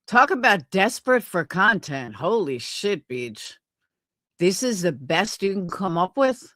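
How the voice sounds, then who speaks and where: Slow, combative, foul-mouthed woman. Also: medium pitch, sing-song, fairly bright tone, dry recording, clean studio sound. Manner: combative, profane, slow and deliberate. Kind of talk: heated livestream argument.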